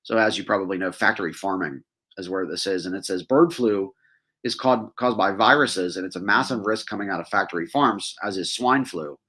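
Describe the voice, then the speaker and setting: Man, low voice, casual host, reads passages aloud, wry asides, chuckles. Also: brisk, pushed and bright, slightly rough. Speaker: podcast host. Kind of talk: casual scripture teaching.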